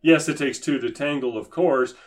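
A man's voice: mid-range voice, moderate pace. A man giving impassioned religious commentary, sarcastic and emphatic in a preachy manner. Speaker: Christian commentator.

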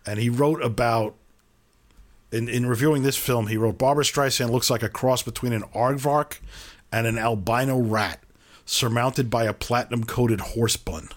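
Man, podcast co-host, casual film talk, filler-heavy, mid pitch. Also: moderate pace. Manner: chatty, trails off with fillers.

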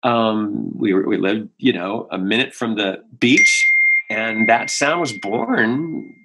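A man, a voice actor, chatting in an interview and telling animated stories, slipping into voices as he goes. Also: fairly low pitch, slow, heavy background noise. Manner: animated storyteller, slips into voices and impressions. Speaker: voice actor guest. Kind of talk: casual interview chat.

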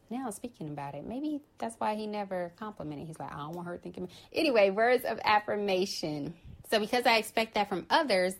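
A young adult woman hosting her own podcast, talking casually and calmly to listeners and acting out little quoted lines. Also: medium pitch. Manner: calm, chatty, acts out quoted lines. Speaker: podcast host. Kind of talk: casual solo talk.

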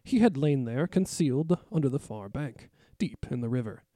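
A man co-hosting a book podcast, reading a story excerpt with dramatic, animated delivery. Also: mid-range voice, moderate pace, no room sound, clean studio sound. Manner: animated reader who shouts out characters' lines.

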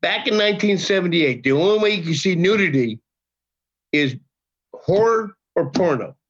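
Older man, podcast guest, high voice, lively pitch swings, profane, animated storyteller, dull lo-fi sound. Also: normal speed. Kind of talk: casual storytelling.

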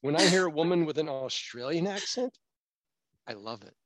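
A man's voice: a little high, expressive, normal speed, fairly bright tone, no echo. Talkative man on a headset mic. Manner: talkative, opinionated, jumps in. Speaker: podcast co-host, street artist. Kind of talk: casual podcast chat. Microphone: small headset mic.

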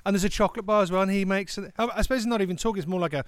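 High, smooth-voiced man telling a comic story. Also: very fast, dry recording. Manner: animated, tumbling restarts and trailing off. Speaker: comedy podcast guest telling a story.

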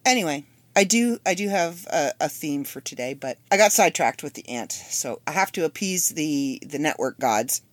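A woman's voice: deep voice, animated, normal speed, no echo. A woman in her fifties hosting a solo podcast, chatty and rambling with wry asides. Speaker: podcast host. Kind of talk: casual solo podcast monologue.

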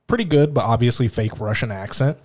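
A man's voice: medium pitch, brisk, darkish tone. A man telling a funny story in a casual chat, often breaking into laughter.

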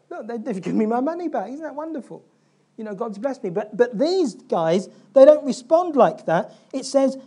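A man preaching to his congregation in a warm, mellow voice. He tells the story with energy, slipping into the characters' lines and putting questions to the room. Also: high-pitched. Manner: animated storytelling, acting out biblical figures' lines. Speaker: pastor. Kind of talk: sermon.

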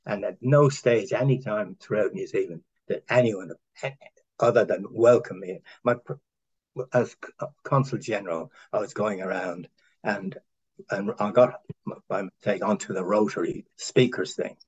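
An older man from Ireland, a former honorary consul, telling long anecdotes in a halting way, with many restarts and chuckles. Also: fairly low pitch, husky, low-quality recording. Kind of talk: rambling anecdotal conversation.

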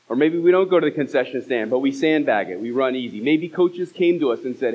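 A man's voice: medium pitch, expressive, fast talker, few pauses, highs cut off. A man in his thirties, a pastor preaching a sermon and telling a personal story, acting out the voices in it. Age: 30s. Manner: storytelling, acts out dialogue. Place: church hall.

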